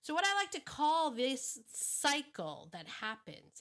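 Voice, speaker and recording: A woman dog trainer talking through a lesson in a casual, animated way, laughing often and restarting her sentences. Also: on the high side, unhurried. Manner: animated, acts out inner thoughts, laughs often; frequent restarts and repeated words. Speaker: dog trainer, show host. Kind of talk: casual teaching monologue.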